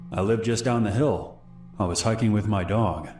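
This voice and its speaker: A man's voice: lowish voice, moderate pace, a little mellow, roomy sound, faint music behind, lightly acted. A man voicing a wary young girl who answers a stranger curtly and cautiously. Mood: guarded. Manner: cautious, curt, improvising. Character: wary young girl out with her dog, guarded.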